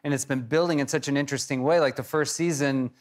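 Man, 40s, relaxed talk show guest; self-deprecating, quick to laugh. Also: medium pitch. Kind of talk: casual chat. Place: television studio with audience.

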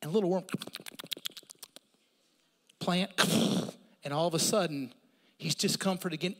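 A middle-aged pastor preaches in a high, bright voice that carries through a church with long reverb. He tells his stories with energy, climbing up and getting louder for the humor. Then he drops low and soft to press his point. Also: unhurried, pauses often. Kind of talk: sermon. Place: church sanctuary.

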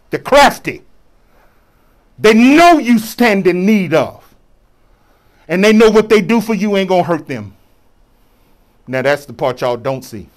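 A bishop preaching from the pulpit in a high, lively voice that swoops up and down. He talks in a loose, colloquial way and keeps drawing the congregation into call and response. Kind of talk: sermon.

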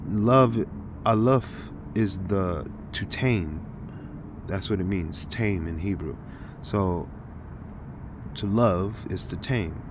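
A man giving an informal scripture study talk, thinking aloud with halting restarts and sudden bursts of excited realization. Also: on the low side, noisy background. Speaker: Bible teacher.

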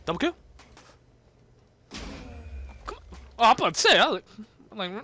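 An excitable let's-play host with a wildly swinging voice that leaps from near-whispers to piercing yelps. The tone is bright and sharp, and the host trash-talks opponents in between. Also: mid-range voice, rapid-fire. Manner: hyper, excitable, jumps between yelps and mutters. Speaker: gaming channel host.

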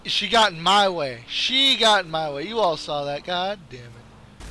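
A young man commentating his own gameplay, trash-talking and often breaking into yells. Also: high-pitched, a little fast. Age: young adult. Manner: excitable, trash-talking, swings to yelling.

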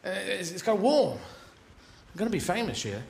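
A man acts out a stubborn caveman inventor who won't give up, bragging that he'll be famous. The voice sits fairly high. It rings through a roomy live venue with audience noise behind it. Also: sing-song, moderate pace, vocal fry, heavily acted. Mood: boastful. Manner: proud, insistent.

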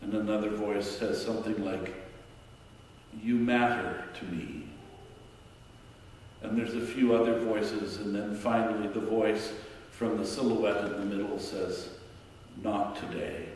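Male minister, unhurried reflective sermon delivery, long church reverb, faint room hum. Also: lowish voice, flat delivery, darkish tone. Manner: slow, reflective preaching with pauses. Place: church sanctuary. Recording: echoey church hall from far off.

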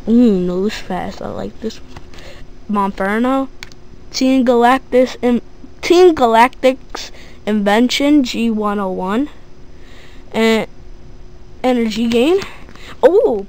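A woman casually narrating a card-opening video, gushing and excitable, reading off each find as she goes. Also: on the high side, creaky, slight background noise. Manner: gushing, excitable, breaks into squeals; lists items slowly, thinking aloud.

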